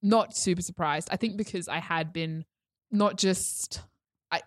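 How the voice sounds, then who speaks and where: An animated young woman recounts a story in relaxed conversation, slipping into the voices of the people she quotes. Her voice sits a little low, and the sound is very dry and close to the mic. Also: a little slow, no echo. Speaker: guest. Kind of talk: casual storytelling chat.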